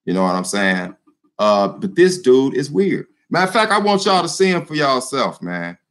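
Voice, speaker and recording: A man hosting his own video channel, talking straight to his viewers in a joking, animated way. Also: medium pitch, moderate pace. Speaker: YouTube channel host addressing viewers. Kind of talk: casual vlog commentary.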